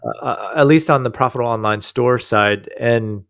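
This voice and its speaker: Gravelly-voiced man asking curious questions. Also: medium pitch, moderate pace, a bit bright. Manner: curious, asks short follow-up questions. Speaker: online store owner and co-host. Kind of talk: casual business chat.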